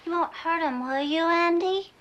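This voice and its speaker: A woman's voice: very high voice, moderate pace, fairly bright tone. An actress playing a meek, anxious young woman in a TV drama, asking fretful, pleading questions. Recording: dull, lo-fi sound with faint noise.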